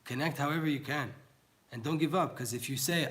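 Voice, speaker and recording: Young man, Torah teacher, earnest, conversational, even mid pitch. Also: quick pace. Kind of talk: informal Torah class talk.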